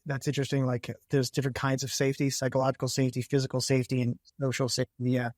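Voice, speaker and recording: A male podcast co-host talks through long, winding questions with warm enthusiasm, often restarting his phrases. His voice has a middle pitch. The sound is close and dry, with no room around it. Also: monotone, racing, dry recording. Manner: enthusiastic, rambling, many restarts. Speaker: podcast co-host, science officer. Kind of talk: conversational interview.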